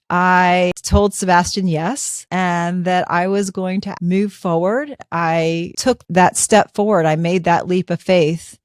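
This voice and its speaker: A woman in her fifties hosting a podcast, telling a personal story in an animated, conversational way and acting out her own thoughts. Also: on the low side, no echo, clean studio sound. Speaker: podcast host.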